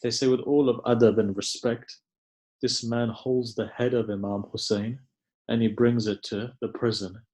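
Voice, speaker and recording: A man giving a mournful sermon, recounting a tragedy in slow, grieving storytelling with dramatic pauses, sometimes dropping almost to a hush. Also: mid-range voice, little pitch movement. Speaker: preacher. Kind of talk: mournful majlis sermon narration.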